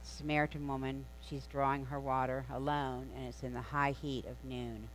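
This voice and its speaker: Preacher, sermon, conversational storytelling, casual asides, mid-pitched voice, faint hum. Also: little pitch movement, moderate pace, poor audio. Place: church sanctuary.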